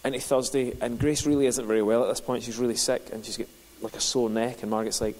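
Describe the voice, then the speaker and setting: A man's voice: medium pitch, fairly even intonation, fast talker, a little mellow. A man, a pastor telling a personal story in a sermon with a conversational manner. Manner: conversational, builds to passionate preaching. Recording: long hall reverb.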